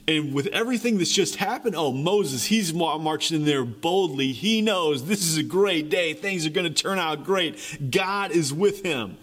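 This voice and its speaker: A man preaching a sermon, reading scripture and then retelling the story in a lively, conversational way. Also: a little high, normal speed, hardly any pauses. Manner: animated storytelling, paraphrases characters in lively voices. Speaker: pastor.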